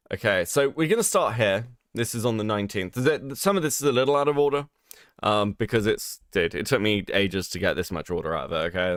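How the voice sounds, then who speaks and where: A man's voice: lowish voice, no echo, clean studio sound. A British man hosting a casual livestream, sarcastic and swearing a lot, reading chat and reacting to screenshots. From Britain. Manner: sarcastic, swears a lot, mocking voices when quoting others. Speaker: streamer host.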